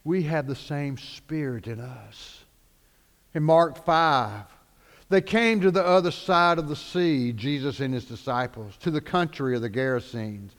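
Brief: animated male pastor preaching, slightly high voice, echoey hall. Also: measured pace. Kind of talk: sermon.

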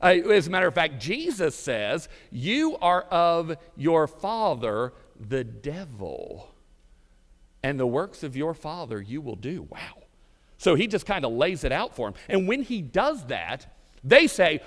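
A man preaching a sermon, with dramatic pauses and drawn-out emphasis. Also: fairly high pitch, big pitch swings. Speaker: pastor. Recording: reverberant hall.

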